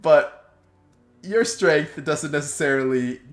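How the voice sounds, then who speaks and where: A man's voice: fairly high pitch, takes it slowly, soft background music. A man narrating as game master of a tabletop game, rambling with many fillers and restarts.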